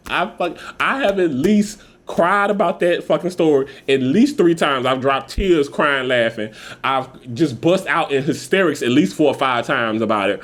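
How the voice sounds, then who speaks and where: A man in his thirties talks loosely into his podcast mic, swearing freely and drifting off into one laughing tangent after another. His voice sits a touch higher than most men's. He keeps it casual and unscripted, like venting to friends. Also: quick pace. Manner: profane, rambling, goes off on laughing tangents. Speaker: podcast host.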